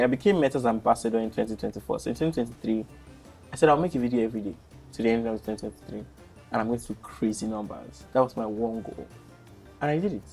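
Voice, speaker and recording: A young Nigerian man in his twenties chats as a podcast guest, animated and quick to laugh. His voice sits at a middle pitch with a warm, mellow color. Faint music plays underneath. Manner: animated, chatty, laughs easily. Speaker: podcast guest, content creator. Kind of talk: casual storytelling interview.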